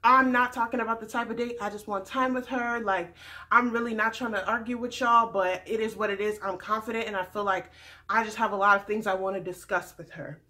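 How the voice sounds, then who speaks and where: A woman's voice: medium pitch, steady tone, fairly quick, bright, forceful tone, close to an everyday voice. Woman voicing a pushy, insistent young man. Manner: insistent, defensive.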